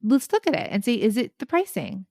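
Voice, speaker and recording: A woman's voice: on the high side, a little fast, no room sound, clean studio sound. A woman hosting her own podcast, talking frankly and with energy about a business setback, acting out her own inner voice. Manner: frank, animated, self-reflective, acts out her own inner voice. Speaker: podcast host. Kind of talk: candid solo podcast monologue.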